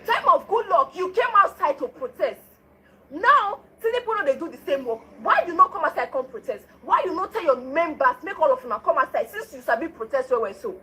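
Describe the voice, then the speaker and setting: High-voiced Nigerian Pidgin woman scolding. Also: animated, brisk, bright, forceful tone, rough recording. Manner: scolding, rhetorical, repeats her questions. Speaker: commentator. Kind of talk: political commentary.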